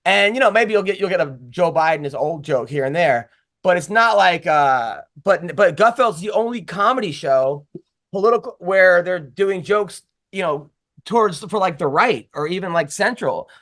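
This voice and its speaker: A man's voice: high voice, animated, moderate pace, fairly bright tone. A man hosting a casual podcast, talking in a rambling way with lots of restarts. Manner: rambling, with many restarts and fillers. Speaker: podcast host and comedian.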